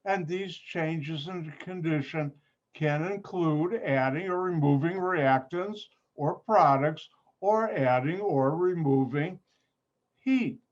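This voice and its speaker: Slow-talking man lecturing over a video call. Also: fairly high pitch. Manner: unhurried, breaks up sentences with pauses. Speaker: chemistry instructor. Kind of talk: online lab lecture. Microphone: computer mic on a video call. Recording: dull, muffled video-call audio.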